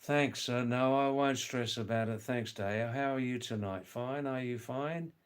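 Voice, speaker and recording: Slow-talking older man reading chat. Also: medium pitch, clear, resonant tone. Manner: slow, unhurried, repeats words, spells out names. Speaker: livestream host reading viewer comments. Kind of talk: casual chat.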